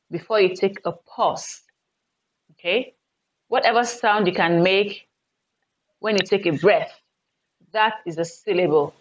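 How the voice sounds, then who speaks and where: Woman teacher, slow and patient, repeats key points, slightly dull lo-fi recording. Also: mid-range voice. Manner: slow, repeats key phrases, checks with "okay?". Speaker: English teacher. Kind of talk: classroom lesson.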